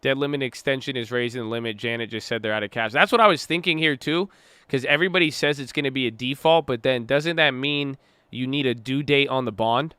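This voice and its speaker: A man giving casual live commentary on the stock market, excitable and easily startled, joking about conspiracy theories. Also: medium pitch, brisk, clean tone, dry recording. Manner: excitable, jumpy, laughs when startled. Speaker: market livestreamer.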